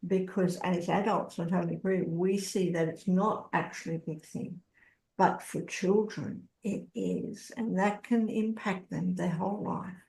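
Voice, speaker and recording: A woman's voice: lowish voice, fairly even intonation, measured pace, creaky, a little mellow. A woman host asking affirming, eager questions in an interview. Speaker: podcast host. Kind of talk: interview hosting. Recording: roomy echo.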